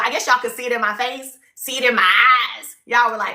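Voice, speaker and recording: Woman host, upbeat live-stream sales patter, bright higher voice, echoey room on a phone mic. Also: steady tone, moderate pace. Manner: chatty and upbeat, urging viewers to buy.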